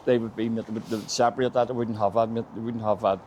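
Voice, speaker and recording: A middle-aged local guide from Belfast, with a Northern Irish accent, chats casually on a walking tour through city streets, a storyteller who drops "mate" all the time. He talks quickly in a lowish, steady, slightly mellow voice, with a little hiss or hum audible.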